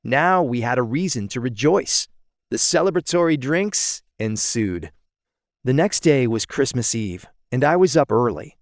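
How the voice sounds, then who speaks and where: A man reads his own first-person audiobook in a steady storytelling manner. His pitch is an everyday middle range for a man. The sound is dry and close, with no room around it. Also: measured pace, dry recording. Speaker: audiobook narrator.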